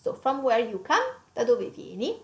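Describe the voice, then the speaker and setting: Italian-accented female teacher-host, animated delivery, echoey room. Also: fairly high pitch. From Italy. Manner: lively, drawn-out teaching delivery with slow repetitions. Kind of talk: language lesson.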